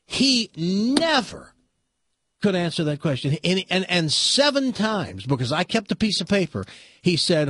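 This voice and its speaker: Husky, animated man ranting. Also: high-pitched, unhurried, no room sound, clean studio sound. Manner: exasperated, animated complaining. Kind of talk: casual storytelling, ranting.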